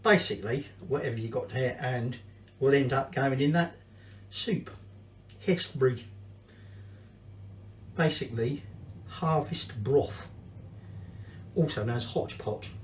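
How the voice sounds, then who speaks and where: Rambling, cussing man cooking, slow and roomy. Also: medium pitch. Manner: rambling, swearing, tipsy asides. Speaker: cooking channel host. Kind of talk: casual cooking vlog. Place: home kitchen. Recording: echoey room, distant mic, faint kitchen noise. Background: clatter of pots and cutlery.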